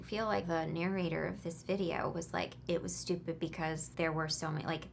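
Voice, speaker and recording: A woman co-hosting a movie reaction show, chatting casually with animated, joking and sarcastic asides. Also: lowish voice, moderate pace, creaky, slight background noise. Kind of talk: casual chat.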